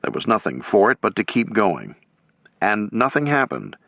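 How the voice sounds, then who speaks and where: A man reading a military history audiobook in steady, measured scripted narration. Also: lowish voice, creaky, no echo. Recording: dull lo-fi.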